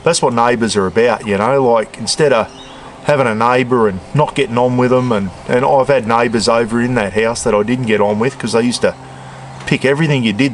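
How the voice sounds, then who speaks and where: Cooking on a camp stove outdoors, a retired Aussie bloke in his sixties who vlogs about food chats fairly quickly in a middle-pitched voice. His easygoing talk wanders all over, peppered with "bloody," while faint outdoor noise hums behind him.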